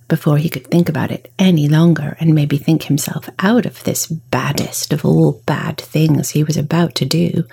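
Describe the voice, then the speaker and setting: A woman narrating a children's story, often in a soft half-whisper with playful emphasis and a breathy, husky voice. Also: deep voice.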